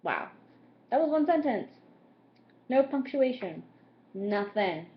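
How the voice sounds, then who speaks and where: A woman's voice: fairly high pitch, sing-song, takes it slowly, long pauses, dull audio. A woman reading a novel aloud, breaking off for sarcastic asides and stumbling over lines, then rereading them. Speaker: reader of a novel.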